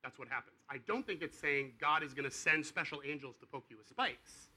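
This pastor's sermon feels casual as he performs the dialogue of his story's people, moving from quiet to loud. His voice is a little high, animated, husky and a little fast, and the audio quality is poor.

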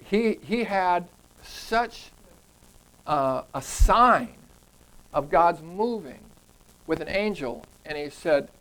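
A man leading a Bible study speaks in a high-pitched, expressive, fairly bright voice, going slowly and pausing at length. The recording is poor. He teaches scripture in a conversational way, quizzing the group and repeating words for emphasis.

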